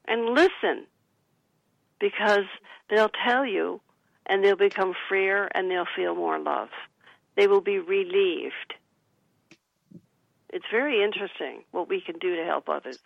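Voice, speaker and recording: A woman guest on a radio talk show, speaking in an earnest, gentle and instructive way as she gives spiritual advice. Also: medium pitch, measured pace, creaky, pauses often, no echo, muffled recording. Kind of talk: radio interview, advice-giving.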